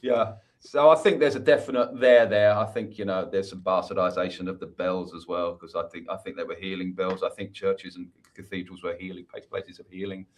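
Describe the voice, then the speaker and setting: A man's voice: low voice, flat delivery, a little fast, hardly any pauses. A man who is a musician, a guest on a podcast, explaining his views at length in a casual, earnest, rambling way with many restarts. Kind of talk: casual interview chat.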